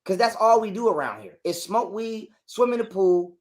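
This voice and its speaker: A man's voice: sits high, animated, normal speed. A man telling a heated, profane story as a guest on an interview show. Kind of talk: casual storytelling.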